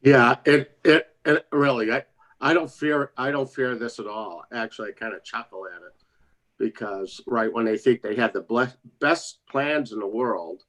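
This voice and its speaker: A man chatting casually on a livestream, laughing often and jumping up high when he quotes others. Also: normal speed, a bit bright.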